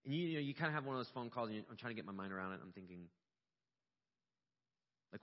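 A middle-aged pastor preaches a sermon at a quick pace, pausing often, his voice medium in pitch. He tells a personal story that builds in emotion, animated and emotional at its peaks. The recording sounds dull and lo-fi, with long hall reverb.

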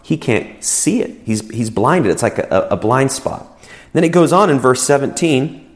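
A man's voice: mid-range voice, lively intonation, normal speed. A man giving a conversational sermon as a pastor, explaining scripture in an easygoing way and often repeating words as he goes.

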